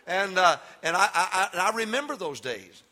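An older man, a pastor giving a sermon that swings from loud emphatic preaching to folksy storytelling. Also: sits high, big pitch swings, normal speed. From Texas.

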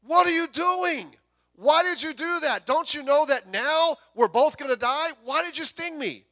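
A man's voice: high-pitched, expressive, unhurried, sharp tone, full character voice. A man voicing a fearful, wary male frog in a spoken fable, pleading and alarmed. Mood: panicked. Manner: pleading, alarmed, rising to a cry.

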